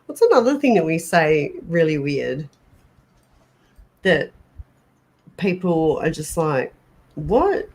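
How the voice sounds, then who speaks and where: A woman's voice: deep voice, expressive, takes it slowly, long pauses, a little mellow. An Australian woman chatting casually on a livestream, laughing often and trailing off mid-thought. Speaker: livestream co-host. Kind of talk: casual chat. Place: home.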